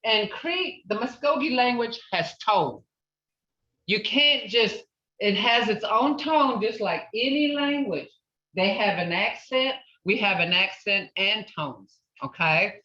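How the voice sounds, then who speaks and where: A woman teaching a language class, patiently repeating words slowly to model pronunciation. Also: medium pitch, lively intonation, pushed and bright. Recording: roomy, distant, dull lo-fi classroom recording.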